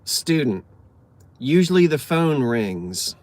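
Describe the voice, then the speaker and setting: Parked and chatting, a man reads out corny jokes while mocking himself and stumbling over words. His mid-range voice swings widely in pitch, moves slowly, and has a darkish tone. There's no room sound.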